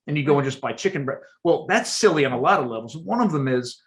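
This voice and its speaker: A man appearing as a guest on a podcast, an archaeologist and chef, explains things at length, emphatic and animated, often repeating words. His voice is on the high side, fast, with few pauses.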